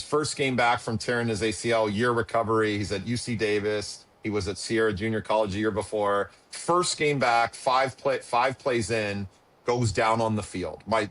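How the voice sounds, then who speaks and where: A middle-aged man telling a personal story as a podcast guest, halting and emotional with frequent restarts. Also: lowish voice, a bit bright. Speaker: podcast guest, former pitcher and father.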